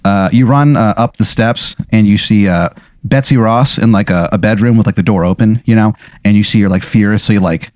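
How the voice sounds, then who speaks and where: Male game-master type, low-ish voice, loose profane rambling delivery, dry booth. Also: a little fast, a little mellow, dry recording. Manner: casual, profane, rambling with many fillers. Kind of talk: improvised comedic narration.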